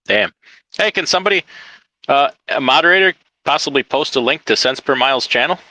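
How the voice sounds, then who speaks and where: A man's voice: mid-range voice, a little fast, pushed and bright, no room sound, rough recording. A man who hosts a trucking live stream, chatting casually and teasing his guest with jokes. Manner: joking, teasing.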